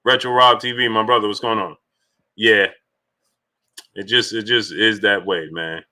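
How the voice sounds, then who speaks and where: Guy hosting a boxing stream, real bright sharp voice, chatty, shouting out viewers. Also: fairly low pitch, steady tone, measured pace. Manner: greets chat viewers by name, loose and talkative. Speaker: boxing livestream host. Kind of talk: casual livestream chat with viewers.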